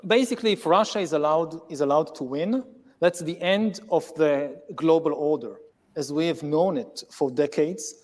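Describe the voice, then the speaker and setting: A man in a played clip giving a deliberate, explanatory analysis, with some stumbling restarts. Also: fairly high pitch, a little mellow. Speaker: public intellectual in a played clip. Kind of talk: measured analytical speech.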